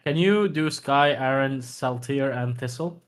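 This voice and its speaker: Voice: medium pitch, a little slow. A streamer who speaks English as a third language and sounds exasperated and profane in casual live-stream chat. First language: not English. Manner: exasperated, swears a lot.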